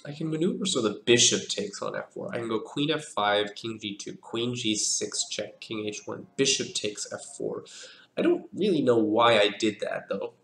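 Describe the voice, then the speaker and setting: A man's voice: lowish voice, lively intonation, fairly bright tone. A man thinking aloud as he works through chess moves, muttering and mocking himself, with a cough now and then. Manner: slow, muttering, self-deprecating. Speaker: chess streamer analyzing a position.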